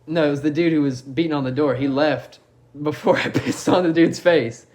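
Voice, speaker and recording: A man's voice: a little high, fairly even intonation, moderate pace, a little mellow. A young man co-hosting a podcast, telling a crude story among friends and laughing through it. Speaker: podcast co-host.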